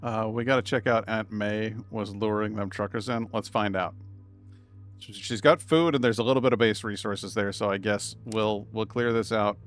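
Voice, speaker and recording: Faint music sits behind a man whose lowish voice keeps a steady tone at a moderate pace. Streaming a video game, this New England-accented Massachusetts man rambles through chatty commentary with self-deprecating asides.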